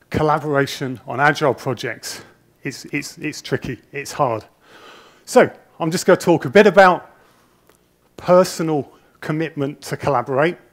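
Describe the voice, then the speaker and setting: This conference talk comes from a middle-aged man with a fairly high pitch, an anxious, gabby storyteller given to self-deprecating jokes. He's in a conference hall, using a wireless presenter mic attached to a body pack.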